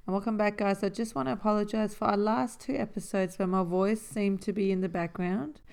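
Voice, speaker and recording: Husky-voiced sick woman co-hosting a podcast. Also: medium pitch, fairly even intonation, a little fast, darkish tone. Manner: giggly, joking. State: husky from illness. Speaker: podcast co-host. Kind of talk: casual chat.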